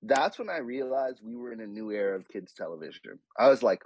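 A young man, a guest on an online talk show, telling a story in an excitable, animated way. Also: fairly low pitch, fast talker, hardly any pauses, husky, no echo, rough recording. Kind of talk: casual chat.

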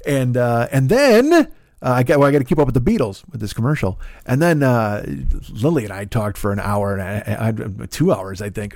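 A man in the middle of his voice range tells a story on his podcast. He rambles, swears freely and pokes fun at himself. The sound is dry, with no room echo. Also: medium pitch. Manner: profane, rambling, self-mocking. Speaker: podcast host. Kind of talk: casual storytelling monologue.

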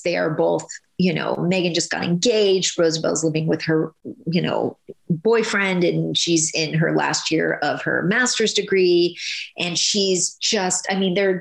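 A woman's voice: on the low side, vocal fry, low-quality recording. A woman in her fifties, a guest actress, talking in a gushing, rambling way full of restarts. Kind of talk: casual interview.

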